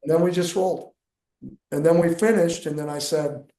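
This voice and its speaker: A man's voice: on the high side, normal speed, reverberant. A middle-aged man, a jiu-jitsu coach and podcast co-host, telling stories in casual talk and acting out what people said. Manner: animated, acts out dialogue in his stories. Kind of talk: casual storytelling.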